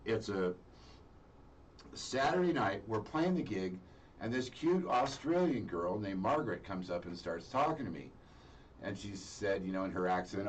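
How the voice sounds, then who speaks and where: Middle-aged guy on a radio show spinning a story, does the voices, lowish voice, mic kinda far off. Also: unhurried. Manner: animated storyteller acting out quoted voices. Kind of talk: storytelling in casual chat. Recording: distant mic with faint noise.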